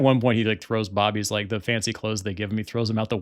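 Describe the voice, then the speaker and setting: A man's voice: fairly low pitch, steady tone, quick pace, few pauses, dry recording, clean studio sound. A young man hosting a solo podcast, chatting casually and rambling with lots of filler words. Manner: rambling, many filler words, frequent laughter. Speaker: podcast host.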